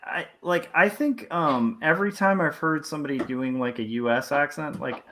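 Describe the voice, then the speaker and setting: A man's voice: on the high side, normal speed, pushed and bright. A man in a casual group chat, musing with lots of fillers.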